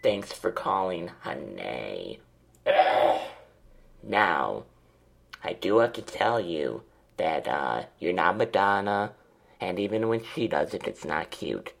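Guy doing a crude chain-smoking lady host, real deep and gravelly, slow drawl, swears nonstop. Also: sing-song, exaggerated voice. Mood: sneering. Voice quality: gravelly smoker's rasp. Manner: insulting, profane, drawling. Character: crude foul-mouthed 25-year-old woman smoker. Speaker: host of a call-in comedy show. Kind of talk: crude comedy monologue.

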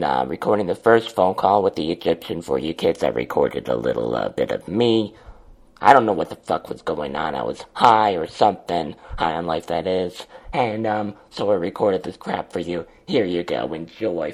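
A man's voice: sits low, expressive, normal speed. A man hosting a show in a crude, campy, vulgar comedic monologue, drawling. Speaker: podcast host.

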